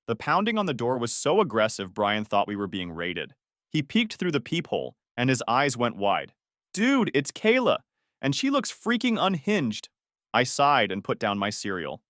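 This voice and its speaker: A man's voice: mid-range voice, a bit bright, no room sound. A man narrating a first-person story in a dry, sarcastic manner, close to the mic.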